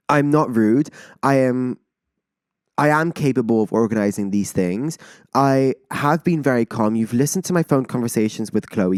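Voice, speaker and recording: A young man tells a personal story on his podcast, swinging into indignant, profanity-laced outbursts thick with "like" fillers. His voice sits at an ordinary male pitch. The sound is dry and close, with no room around it. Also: a little mellow, no echo. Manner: swears a lot, fast-rising indignant outbursts, many "like" fillers. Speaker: podcast host. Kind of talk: emotional storytelling monologue.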